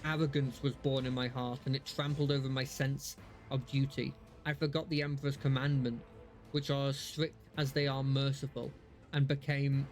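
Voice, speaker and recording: A man's voice: mid-range voice, a little mellow, close to an everyday voice. A man reading aloud the lines of a ruthless, cruel woman judge in a game, in a solemn, formal way.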